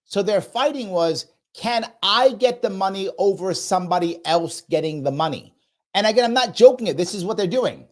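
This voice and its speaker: A man hosting a live reaction show who comments in an emphatic, sarcastic and mocking way. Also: sits high. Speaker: host of a political commentary show.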